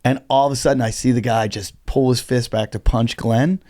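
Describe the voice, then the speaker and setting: A man who is a comedian, telling a story on a podcast in an animated way and swearing freely. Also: medium pitch, fairly quick. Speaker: comedian guest. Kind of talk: casual podcast chat.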